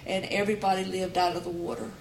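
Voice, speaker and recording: A woman's voice: medium pitch, little pitch movement, fast, gravelly. A woman from Harker's Island, speaking matter-of-factly about her island. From Harker's Island, North Carolina. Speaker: speaker at a fishing gathering. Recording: echoey room, faint background noise.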